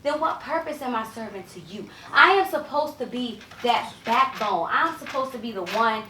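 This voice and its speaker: A woman's voice: fairly high pitch, animated, moderate pace, pushed and bright, slight background noise. A woman speaking as a guest in a casual group discussion, emphatic and passionate. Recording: echoey room, mic far off.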